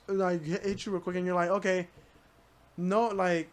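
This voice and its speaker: High-voiced young man rambling casually. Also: flat delivery, slight background noise. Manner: rambling, halting, lots of "like" and "dude". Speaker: podcast guest. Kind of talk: casual chat.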